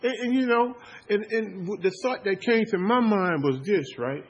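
Husky man pastor, slightly high voice, repetitive call-and-response sermon delivery. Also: normal speed, highs cut off. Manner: repetitive call-and-response preaching with many restarts.

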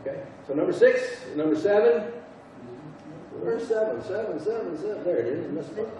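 A man with a Southern US accent teaching a Bible class, halting and repeating himself as he quizzes the group. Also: high-pitched, expressive, mellow, slight background noise. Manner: halting, repeats words, asks the class questions. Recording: echoey room from far off, dull sound.

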